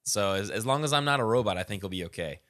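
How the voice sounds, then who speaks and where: A man's voice: on the low side, animated, fast, fairly bright tone, no room sound. Man co-host, eager rambling chat on a call, dry mic. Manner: enthusiastic, rambling with restarts. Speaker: podcast co-host.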